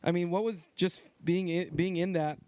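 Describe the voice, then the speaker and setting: A man co-hosting a podcast in casual chat, asking animated, joking follow-up questions. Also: high voice, moderate pace, clear, resonant tone, no echo. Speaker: podcast co-host.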